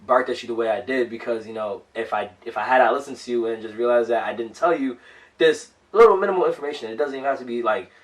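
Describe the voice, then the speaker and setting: A man's voice: mid-range voice, quick pace, distant mic, poor audio. A young man co-hosting a casual podcast, talking in long, earnest, slangy rambles. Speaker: podcast co-host.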